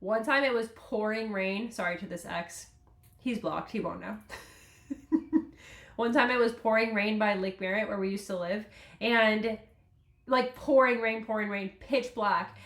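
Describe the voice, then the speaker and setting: A woman's voice: on the high side, fairly bright tone, roomy sound. A woman hosting a podcast, chatting casually and emotionally, rambling and laughing often. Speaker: podcast host. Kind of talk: casual solo podcast chat.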